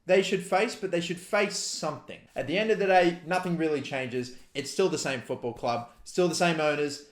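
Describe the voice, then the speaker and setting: A man's voice: a little high, normal speed, hardly any pauses. A young Australian man with an Australian accent, ranting furiously with heavy swearing. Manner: furious, profane, heated ranting. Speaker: football fan vlogger. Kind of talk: angry rant to camera. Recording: roomy echo.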